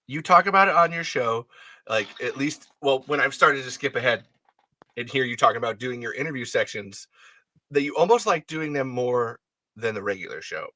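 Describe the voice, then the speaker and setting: A man's voice: mid-range voice, lively intonation, normal speed, bright, forceful tone, dry recording. A man hosting a podcast, chatting playfully and laughing often. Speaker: podcast host. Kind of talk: casual chat.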